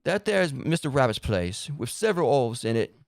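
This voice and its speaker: A man's voice: medium pitch, sing-song, a little fast, vocal fry, no room sound, clean studio sound. A man reading a game character's lines, voicing a chatty male Wonderland local in a put-on British accent with a folksy, fussy manner. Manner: folksy, fussy, self-correcting.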